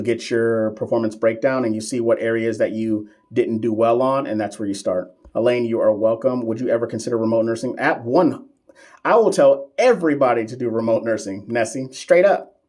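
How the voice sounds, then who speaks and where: A man's voice: on the low side, darkish tone. A man hosting a casual live-stream Q&A as a nursing exam coach, reading viewer comments aloud and answering them in a loose, teasing, familiar way.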